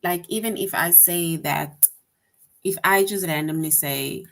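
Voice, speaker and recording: A woman teaches a class of young children, her voice sitting a little low. She explains patiently, says each point more than once and keeps checking with "right?". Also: measured pace, a bit bright. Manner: patient and repetitive, often adds "right?". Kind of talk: online grammar lesson for young children.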